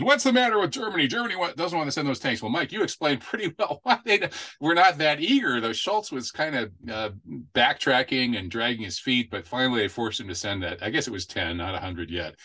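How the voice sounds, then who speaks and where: A male host leads a casual political talk show in a low, pushing voice. He is chatty and wry and likes a pun. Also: pushed and bright. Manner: chatty and wry, makes puns.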